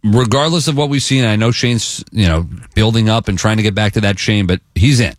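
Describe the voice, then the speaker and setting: Low-voiced man on sports radio. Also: brisk, no room sound, clean studio sound. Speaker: radio show co-host. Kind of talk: casual sports radio talk.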